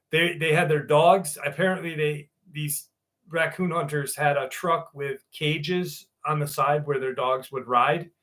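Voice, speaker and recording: A man's voice: fairly high pitch, sharp tone. Rambling male live-stream host. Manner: loose, rambling, reads messages aloud and chats back. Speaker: live stream host reading viewer chat. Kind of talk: casual live-stream chat.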